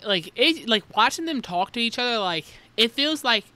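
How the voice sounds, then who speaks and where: A man's voice: extremely high pitch, lively intonation, normal speed, pushed and bright. A young man co-hosting a casual podcast, rambling crudely with lots of filler words. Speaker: podcast co-host. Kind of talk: casual chat. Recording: faint background noise.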